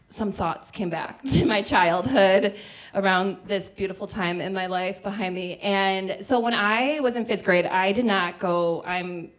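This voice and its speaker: A woman in her forties from the Midwest, telling a comic personal story on a small theater stage, chatty and full of "like". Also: medium pitch. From American Midwest. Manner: chatty, lots of "like", acts out quoted voices. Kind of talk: live comedic storytelling.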